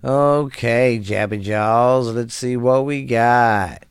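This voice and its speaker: A man's voice: mid-range voice, takes it slowly, smooth, dry recording, studio quality. A tired man hosting his own podcast in loose, rambling, crude casual chat, coughing and trailing off. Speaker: podcast host.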